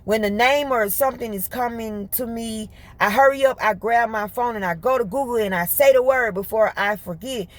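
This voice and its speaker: A woman telling a story to her viewers in casual, colloquial chat. She talks fast in bursts, is lively, and laughs often. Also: a little high. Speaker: vlogger.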